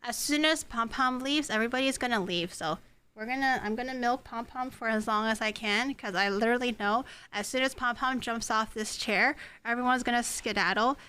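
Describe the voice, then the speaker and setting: A woman's voice: fairly high pitch, a little fast, sharp tone, smooth. A woman streaming herself cooking at home, chatting casually, self-mocking and swearing. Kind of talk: casual cooking livestream chat.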